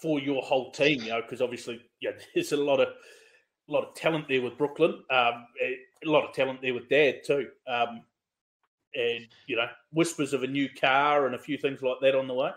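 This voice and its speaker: A man's voice: medium pitch, steady tone, moderate pace, fairly bright tone. A man with a New Zealand accent hosting a casual podcast interview, chatty and laughing along with his guest. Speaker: podcast host.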